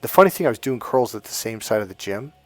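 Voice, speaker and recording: A middle-aged man, a dating coach, tells a personal story to his viewers. He swings from loud bursts to low, quiet asides and swears freely. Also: lively intonation, fast, dry recording.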